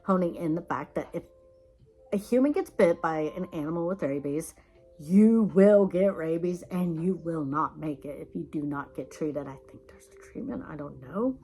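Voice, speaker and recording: A woman vlogger telling rambling, animated stories in a casual chat, laughing now and then. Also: low voice, moderate pace, rough recording.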